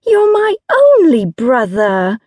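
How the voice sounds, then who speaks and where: A woman reading an audiobook, voicing an excitable tomboyish young girl in a high, gushing voice. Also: slow pace, breathy edge, no echo, clean studio sound, heavily acted. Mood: overjoyed.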